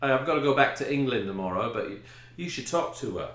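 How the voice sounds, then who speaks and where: A friendly young British man, quick and offhand, as a storytelling man quotes him. The voice sits a little above the teller's own. It is recorded in a room with audible echo. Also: medium pitch, expressive, fairly bright tone, voice pushed up, close to an everyday voice. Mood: hurried. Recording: roomy echo.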